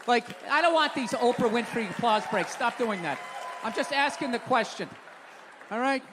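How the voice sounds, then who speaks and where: A man performing stand-up in a reverberant hall, his voice pitched very high as he rants and hollers profanity-laced bits. A loud audience laughs around him, with steady room noise underneath. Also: moderate pace, crowd noise. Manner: ranting, profane, shouting punchlines. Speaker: stand-up comedian. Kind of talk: stand-up comedy set. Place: live comedy venue stage.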